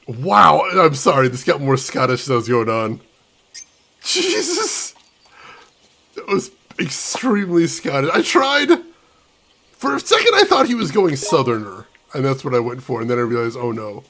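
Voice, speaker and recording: A man's voice: medium pitch, very animated, normal speed, vocal fry, pushed and bright. A man casually commentating a game live stream, chatting with his viewers and laughing often.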